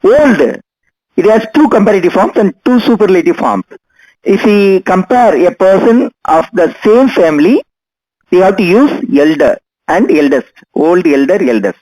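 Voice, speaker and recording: A man teaching an English grammar lesson, speaking slowly and deliberately, spelling out letters and repeating each example word. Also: high-pitched, animated, a little mellow, dry recording, low-quality recording.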